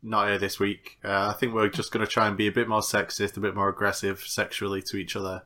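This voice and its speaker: Bright-voiced man hosting a podcast. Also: lowish voice, level tone, quick pace. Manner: dry teasing banter. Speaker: podcast host. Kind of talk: casual chat.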